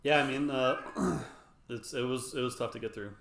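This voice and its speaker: A man chiming in on a podcast with brief, dry reactions. His pitch is middling. The room around him is echoey. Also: normal speed, a bit bright, a little hiss or hum. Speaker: podcast co-host. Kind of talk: casual chat. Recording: roomy echo.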